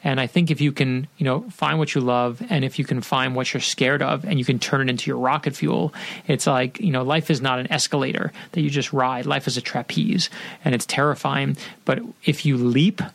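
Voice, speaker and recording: Gravelly, earnest middle-aged man. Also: medium pitch, fairly quick, no room sound. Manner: animated, acts out quotes in the story; earnest, motivational. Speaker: author guest. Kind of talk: conversational storytelling.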